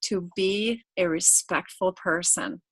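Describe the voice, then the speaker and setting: A woman's voice: fairly low pitch, takes it slowly, a bit bright, breathy edge, no echo, rough recording. A middle-aged woman who is a guest in an interview, talking openly and casually about her own life as a parent. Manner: open, candid storyteller who acts out family quotes.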